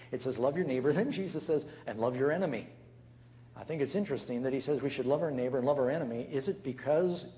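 Animated preacher man, lo-fi. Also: fairly high pitch. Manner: storytelling with acted dialogue, animated. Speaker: pastor. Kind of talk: sermon.

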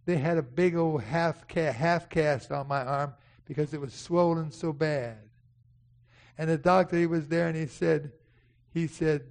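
A man's voice: on the high side, fairly even intonation, measured pace, vocal fry, a little mellow. An older man, preaching a sermon and telling a folksy personal story, calling out to people in the congregation by name. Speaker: pastor.

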